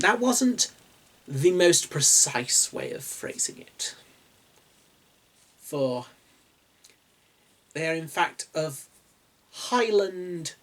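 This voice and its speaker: Posh english guy talking slow, wandering off into little asides, video essay vibe. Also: a little high, a bit bright. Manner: musing, digressive, with asides and chuckles. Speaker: writing channel host.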